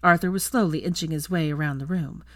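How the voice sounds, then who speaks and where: A woman reading fan fiction aloud as steady audiobook narration. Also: low voice, quick pace, no echo, studio quality.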